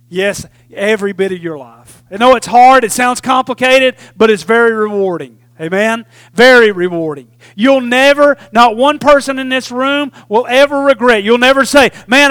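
A man's voice: high-pitched, fairly bright tone, no echo. A man preaches a sermon. He speaks in a folksy, conversational way and keeps asking the congregation "Amen?" between points. His voice is recorded close and dry. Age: 40s. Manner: call-and-response preaching, repeatedly asking "Amen?"; folksy Southern phrasing with "y'all". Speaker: pastor.

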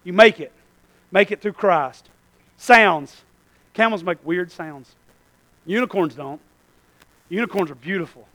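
A man preaching a sermon, folksy, calling out to the congregation and swinging from hushed asides to shouted lines. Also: high voice, no room sound. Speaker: pastor.

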